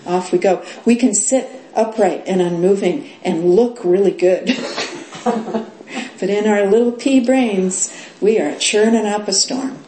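A middle-aged woman teaching as a Zen teacher in a dharma talk, unhurried, with many fillers and laughs. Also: medium pitch, mellow, slight background noise. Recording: roomy echo.

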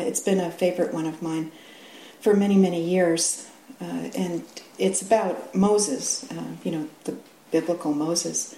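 A middle-aged woman giving a dharma talk, halting often with restarts and fillers and laughing easily. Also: fairly low pitch, dark tone. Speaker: dharma teacher. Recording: echoey room with faint hum.

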